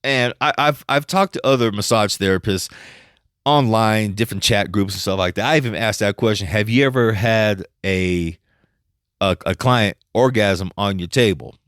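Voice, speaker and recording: Podcast host, male, lowish voice, dry close sound, blunt and profane storyteller. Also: moderate pace, fairly bright tone, smooth, dry recording. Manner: blunt, profane, laughs often. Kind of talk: casual podcast monologue.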